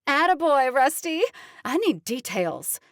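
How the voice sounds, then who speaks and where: A woman voicing an excitable Southern friend with a twangy Georgia accent. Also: high voice, a little slow, no echo, clean studio sound, voice pushed up, full character voice. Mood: excited. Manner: twangy and gushing.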